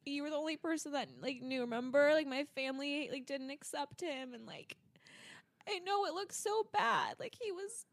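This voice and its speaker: Young woman w a high voice crying through a confession, dry close sound. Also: moderate pace, no echo. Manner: tearful, confessional, filler-heavy. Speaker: podcast co-host. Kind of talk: casual chat.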